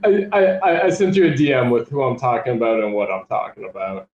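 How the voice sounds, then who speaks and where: A man venting casually in a live online audio chat, speaking in quick exasperated bursts. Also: mid-range voice, sing-song, a little mellow. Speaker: community member on a live audio room. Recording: dull, roomy call audio.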